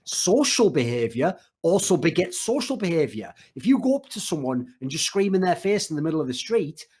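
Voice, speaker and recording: A man's voice: on the high side, very animated, a little fast, a little mellow, husky. A man in casual chat, opinionated and sweary, laying out his theories.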